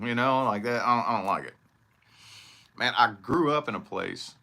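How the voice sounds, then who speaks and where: A man's voice: mid-range voice, normal speed, creaky, sharp tone. A man from southern Indiana with a slight country twang, giving a rambling, profane casual monologue on his vlog. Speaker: vlogger.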